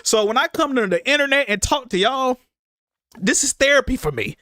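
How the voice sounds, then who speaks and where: High-voiced grieving streamer venting. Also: male voice, animated, normal speed, bright, forceful tone, dry recording, clean studio sound. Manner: emotional, rambling, profane venting. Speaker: livestreamer. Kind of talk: casual livestream talk.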